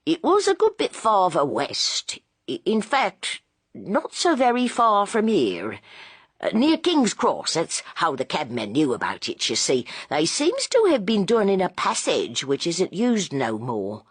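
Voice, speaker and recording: A woman reading an audiobook, voicing a working-class older London husband, anxious and reluctant, in a low hushed tone. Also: wildly swooping pitch, a little slow, husky, no echo, exaggerated voice. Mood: uneasy.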